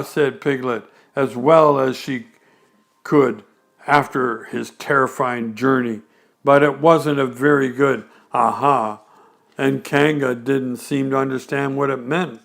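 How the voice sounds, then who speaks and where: A man reading a bedtime story aloud, unhurried and gentle. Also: mid-range voice, steady tone, gravelly.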